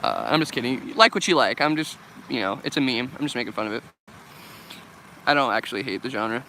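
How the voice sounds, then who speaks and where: A young American man chatting casually on a live stream, reading chat questions while walking outdoors by a loud river. He swears a lot and laughs easily. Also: medium pitch, sing-song, brisk, background noise. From United States. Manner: laid-back, swears often, laughs a lot. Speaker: vlogger answering live chat.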